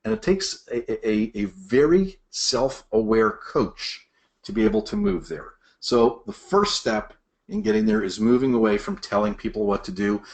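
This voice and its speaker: A man's voice: fairly low pitch, normal speed, gravelly. A middle-aged man teaching sales managers in a master class, acting out what bosses and reps say. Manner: animated, acts out quoted bosses and reps. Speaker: sales leadership trainer. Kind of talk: presentation-style master class.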